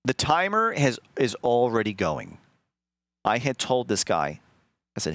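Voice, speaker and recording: A man streaming, telling a story casually to his chat in an animated, profane way, acting out the lines he quotes. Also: mid-range voice, a little slow, long pauses, no room sound.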